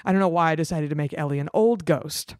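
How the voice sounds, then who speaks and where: A woman reading a story aloud in a dramatic way, breaking off for sarcastic, deadpan comments. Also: sits low, quick pace, no echo, clean studio sound. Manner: sarcastic, mocking asides; swings between dramatic reading and flat deadpan.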